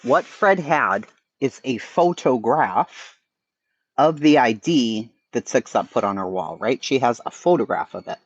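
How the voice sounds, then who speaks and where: A man's voice: mid-range voice, animated, unhurried, husky, no echo, dull audio. A man with a Boston accent hosting a casual livestream chat, blunt and profane, answering his chat. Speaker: livestream host.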